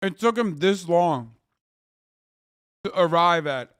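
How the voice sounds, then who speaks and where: A male streamer tearing into a clip with blunt, profane and combative remarks. His voice sits a touch high. The sound is dry and close, with no room around it. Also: lively intonation, takes it slowly, a bit bright, clean tone, no echo. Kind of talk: casual heated commentary.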